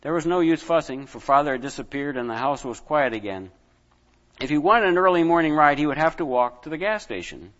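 A man reading a story aloud to children, speaking slowly and deliberately and asking his listeners questions. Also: a little high, animated, a bit bright. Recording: dull lo-fi with long reverb.

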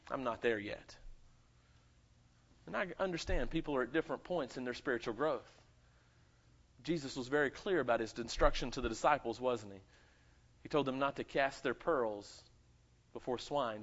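A man preaching a sermon with dramatic swings between loud, high emphasis and quiet, low asides. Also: moderate pace, pauses often. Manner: animated preaching with dramatic swings in pitch and volume. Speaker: pastor. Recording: muffled lo-fi sound.

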